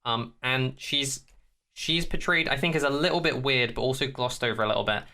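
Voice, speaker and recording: Male podcast co-host, bright tone, hesitant and musing in casual chat. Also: mid-range voice, a little fast. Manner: hesitant, thinks aloud with fillers.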